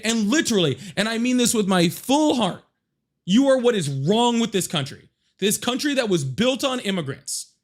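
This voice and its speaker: A man hosting a live political debate, angry and profane, shouting and repeating himself insistently. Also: very high-pitched. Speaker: livestream debate host. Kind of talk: heated live political argument.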